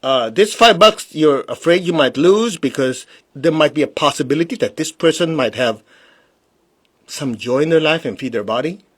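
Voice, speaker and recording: A somewhat high-pitched, husky man delivers a live-streamed spiritual teaching. He talks bluntly and emphatically, firing rhetorical questions at his listeners. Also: lively intonation, normal speed, a bit bright. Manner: mocks excuses with put-on quoted voices.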